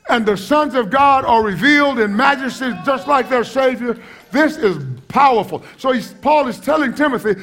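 Middle-aged pastor, high and impassioned, quiet asides breaking into loud exclamations. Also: male voice, normal speed. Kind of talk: sermon.

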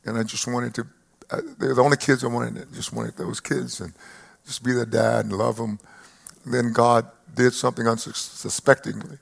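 A man in his seventies, a pastor preaching a sermon to a congregation, who moves between loud emphatic peaks and soft reflective asides. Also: mid-range voice, little pitch movement, moderate pace, vocal fry. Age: 70s. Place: church service before a live congregation.

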